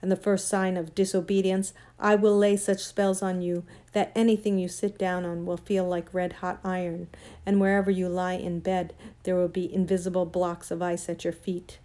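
A woman's voice: fairly low pitch, level tone, moderate pace, mellow, natural voice. A woman voicing a cold, imperious adult witch queen who gives commanding threats in a storybook reading. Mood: menacing.

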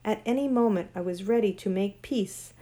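A woman's voice: mid-range voice, moderate pace, mellow, close to an everyday voice. A woman reading a storybook aloud and voicing a proud ancient sorceress queen who speaks in a grand, cold, commanding way. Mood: imperious.

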